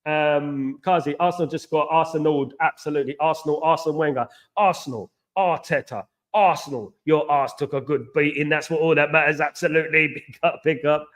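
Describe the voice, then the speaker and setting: An English man hosting a casual live stream, chatting with viewers in an animated, repetitive, banter-heavy way with slang shout-outs. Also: fairly high pitch, a little fast, few pauses. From England.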